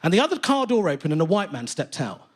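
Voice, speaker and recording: A comedian from England works a theatre crowd with a high-pitched, highly animated voice. He swings from hushed storytelling to loud indignant rants, and his pitch leaps all over the place. He sounds like a man in his thirties. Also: fast talker. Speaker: stand-up comedian. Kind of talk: stand-up comedy set. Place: large theatre stage. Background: audience laughter.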